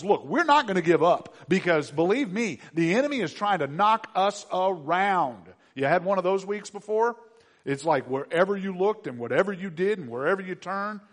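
A middle-aged man preaching a sermon, moving from quiet asides to loud, emphatic exhortation. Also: high-pitched, big-room sound. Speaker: pastor.

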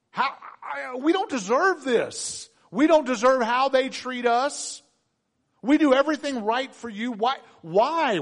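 A man voicing an anxious, doubting old priest who stammers between pleading and disbelief. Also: fairly high pitch.

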